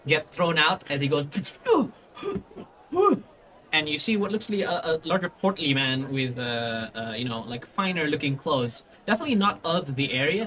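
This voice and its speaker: Male game master, casual and playful, slightly high voice. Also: bright, forceful tone, rough recording. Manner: playful, laughing, with many restarts and fillers. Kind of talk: narrating a tabletop game.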